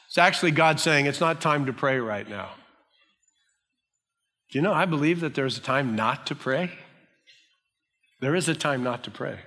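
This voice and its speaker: Earnest preacher man with bright tone. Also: fairly high pitch, big-room sound. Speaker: pastor. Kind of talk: sermon.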